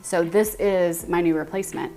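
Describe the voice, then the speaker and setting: A woman's voice: fairly low pitch, fairly even intonation, normal speed, warm tone, faint music behind. A woman with a Texan accent hosting a casual baking livestream, chatting and thinking aloud as she greets her viewers by name in her home kitchen.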